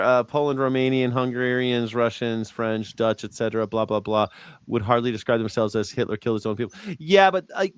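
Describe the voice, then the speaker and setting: Man, livestream host, mid-pitched, dry close mic, rambling casual talk. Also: clear, resonant tone, no room sound. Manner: rambling, reads viewer comments aloud. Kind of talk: casual political chat.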